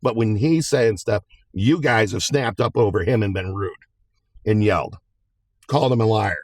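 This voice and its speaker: A man's voice: lowish voice, moderate pace, no room sound, close to an everyday voice. A man telling a story while putting on the voice of a stern, no-nonsense woman judge who scolds firmly and emphatically. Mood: stern scolding.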